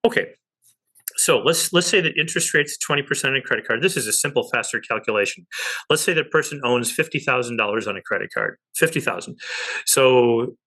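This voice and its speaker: A man's voice: mid-range voice, sharp tone. A man giving an emphatic explanation of money as an interview guest, often checking in with "okay?". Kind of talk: animated explanatory talk.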